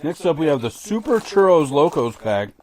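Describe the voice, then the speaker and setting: A middle-aged father co-hosts a casual snack-tasting podcast with his son, cracking jokes and reading package text in a mock announcer voice. His voice is a little high and sing-song, darkish in tone, at a moderate pace.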